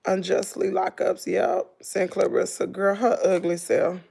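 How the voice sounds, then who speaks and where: A woman's voice: fairly low pitch, unhurried, vocal fry, husky. A middle-aged woman with a Southern American accent, chatting casually on a livestream, telling stories animatedly and mimicking her daughter. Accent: Southern American English. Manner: animated storytelling, mimics her daughter, talks to viewers as "girl" and "y'all". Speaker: vlogger.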